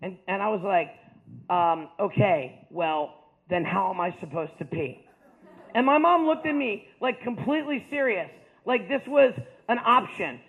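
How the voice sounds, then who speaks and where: Man, very high voice, comic storyteller working a crowd; tinny, phone-like recording. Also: measured pace. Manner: animated, addresses the crowd with frequent "okay?". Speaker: speaker telling a story to a youth audience.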